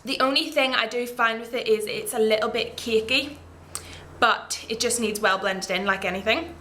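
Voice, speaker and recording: A woman's voice: fairly high pitch, normal speed, pushed and bright, slight background noise. A woman vlogger chatting casually and enthusiastically about her favourite makeup products, with rambling asides as she demonstrates them to the camera. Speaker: beauty vlogger.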